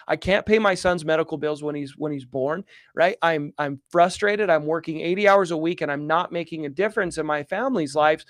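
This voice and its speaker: A man's voice: fairly high pitch, no room sound. A man hosting a live question-and-answer stream as a coach, speaking in an earnest, emphatic motivational style and repeating phrases for effect.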